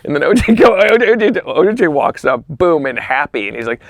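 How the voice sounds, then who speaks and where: A man's voice: a little high, very animated, normal speed, creaky, no echo, clean studio sound. A man telling a long story as a podcast guest, acting out the other people's lines and dropping into whispers. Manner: acts out quoted voices, drops to whispers. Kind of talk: animated storytelling.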